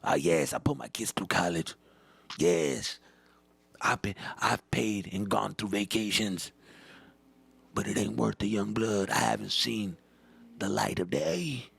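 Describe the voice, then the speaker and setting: A man's voice: lowish voice, unhurried, creaky, long pauses, fairly bright tone, slightly rough, voice pushed down, heavily acted. A comedian playing a bitter old male janitor who whispers ominous warnings to a new hire. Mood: grim warning.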